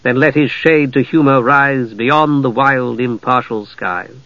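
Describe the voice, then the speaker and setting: Male narrator as a grave hero, quiet, solemn, lower voice; fantasy audiobook. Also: unhurried, dry recording. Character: solemn grieving half-elf hero. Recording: dull lo-fi dry audio.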